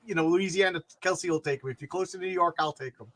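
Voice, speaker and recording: A man's voice: high voice, racing, fairly bright tone. An older man hosting a casual chat, rambling with frequent stammering restarts. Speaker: podcast host.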